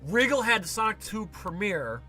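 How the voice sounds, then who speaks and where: Excitable man, high pitch, bright tone, rambling chatty anecdotes. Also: moderate pace, soft background music. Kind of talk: casual chat.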